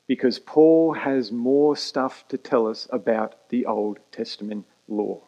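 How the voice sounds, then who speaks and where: A man preaching a sermon as pastor, emphatic and pausing for effect. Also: medium pitch, mellow, lo-fi sound. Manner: emphatic preaching with dramatic pauses and quick asides.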